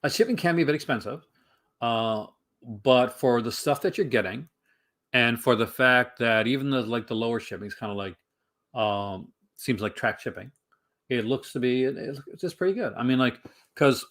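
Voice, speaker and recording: A man's voice: mid-range voice, moderate pace, a bit bright. A man hosting a casual livestream, answering his chat in a rambling way full of fillers and restarts. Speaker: livestream host.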